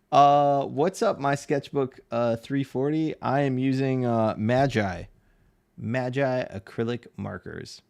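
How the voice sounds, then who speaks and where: A livestreaming artist and tattoo artist jokes around with viewers in casual chat, teasing and laughing often. He speaks slowly in a medium-pitched, gravelly, darkish voice, with clean studio sound and no echo.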